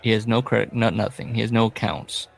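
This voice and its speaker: Podcast co-host, man, low gravelly voice, rambling storyteller. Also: flat delivery, fast talker. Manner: rambling, storytelling, laughs often. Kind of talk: casual comedic chat.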